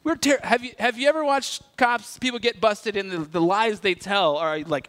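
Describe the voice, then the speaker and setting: A male pastor gives a conversational sermon with a high, bright voice. He keeps it light with jokes and stories. The sound carries a long church-hall reverb. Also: lively intonation, a little fast. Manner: conversational, joking storyteller.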